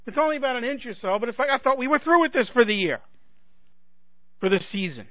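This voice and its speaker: A man with a fairly high voice chats casually as a fill-in radio host, rambling and restarting his sentences. He sounds dry and tinny, as if he is on a phone line. His tone is self-deprecating. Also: expressive, fast talker, long pauses, dry recording. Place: home in Chicago.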